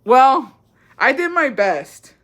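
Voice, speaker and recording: A woman's voice: mid-range voice, expressive, measured pace, fairly bright tone. A woman hosting a casual livestream, blunt and profane, explaining family drama and tossing in Spanish phrases. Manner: sassy, repetitive explaining. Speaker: livestream host answering viewer questions. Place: lives in Mexico.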